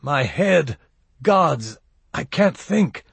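A man's voice: a little high, very animated, drawn-out words, gravelly, breathy edge, no room sound, voice pushed up, full character voice. A man voicing a miserable, hungover innkeeper who whines and groans. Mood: despairing. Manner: whining, groaning.

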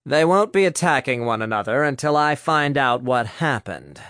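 A man voicing a calm, commanding young woman who speaks with serene firmness in a spoken story. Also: mid-range voice, normal speed, clear, resonant tone, no room sound, clean studio sound, lightly acted. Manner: serene, firm.

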